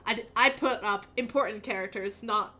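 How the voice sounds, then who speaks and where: Bright-voiced woman game master. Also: mid-range voice, moderate pace. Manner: chatty, rambling, many fillers and restarts. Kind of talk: narrating a tabletop game on stream.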